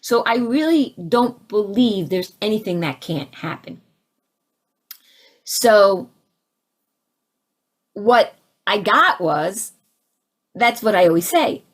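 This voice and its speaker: Husky-voiced woman telling a spiritual story. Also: mid-range voice, takes it slowly, pauses often. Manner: animated, imitates sounds and voices while telling a story; frequent restarts, laughs between phrases. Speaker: spiritual speaker. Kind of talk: casual storytelling talk.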